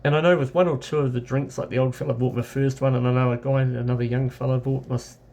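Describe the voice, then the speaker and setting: Quick-paced and creaky, a little mellow, this man keeps a steady tone at medium pitch. He's a travel vlogger from New Zealand, with a New Zealand accent, telling a casual travel story in a rambling, anecdotal way, full of fillers and self-corrections.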